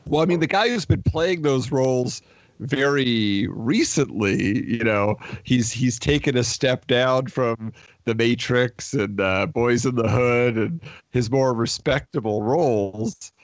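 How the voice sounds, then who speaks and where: A man's voice: mid-range voice, a little slow, dry recording, dull audio. A man hosting a casual chat about casting a film, rambling and restarting often.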